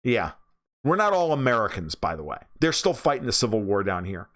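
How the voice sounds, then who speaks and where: A man's voice: fairly low pitch, very animated, fairly quick, fairly bright tone. A man with a New York accent hosting a livestream, talking bluntly and profanely while reading viewer comments. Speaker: livestream host.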